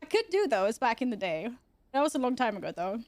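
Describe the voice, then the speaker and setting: A woman's voice: a little high, very animated, fast talker, darkish tone, dry recording. A young woman streaming from her computer at home, chatting casually, swearing freely and cooing at her cats. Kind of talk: casual chat.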